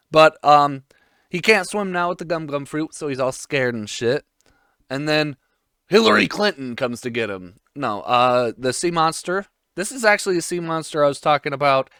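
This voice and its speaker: A man's voice: medium pitch, a bit bright, clean tone, no echo, clean studio sound. A man in his twenties giving a casual episode recap, rambling with irreverent, crude jokes. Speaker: vlogger.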